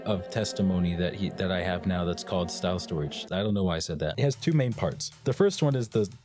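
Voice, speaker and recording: Wry, joking game developer, lowish voice. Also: male voice, fast talker, over music. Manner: joking, self-mocking. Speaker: game developer narrating a devlog. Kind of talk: scripted devlog narration.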